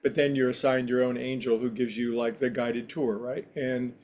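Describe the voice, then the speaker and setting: A man's voice: mid-range voice, fairly even intonation, normal speed, darkish tone. A man who teaches yoga and meditation, giving a casual spiritual talk in a rambling, anecdotal, conversational way.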